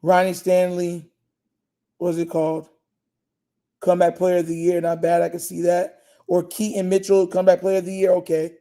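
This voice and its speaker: A man's voice: sits high, completely flat delivery, normal speed, pauses often, mellow. A young man hosting a fan live stream, talking casually and emphatically, repeating his points and using slang. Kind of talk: casual live reaction chat.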